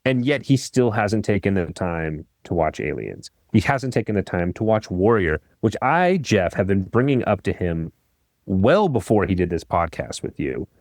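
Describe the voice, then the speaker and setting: Aggrieved, teasing man, low voice. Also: big pitch swings, normal speed, darkish tone, no room sound, studio quality. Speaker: guest, producer. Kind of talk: casual podcast chat.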